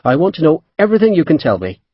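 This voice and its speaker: A man voicing a brisk, eager naval captain with a Devon accent in an audiobook, urgent and commanding. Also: fairly high pitch, very animated, no echo, dull audio, voice pushed up. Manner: urgent, commanding, brushes others aside. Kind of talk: audiobook character voice.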